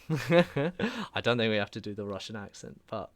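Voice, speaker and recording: A man's voice: on the low side, sing-song, moderate pace, dry recording. A man hosting a music podcast in casual chat, joking dryly and hesitating often with "uh". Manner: dry jokey asides, frequent "uh" hesitations. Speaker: podcast host.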